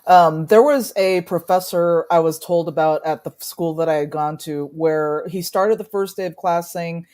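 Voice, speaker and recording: A woman's voice: lowish voice, moderate pace, darkish tone. A woman panelist on a political talk show, telling a story in an earnest, indignant way.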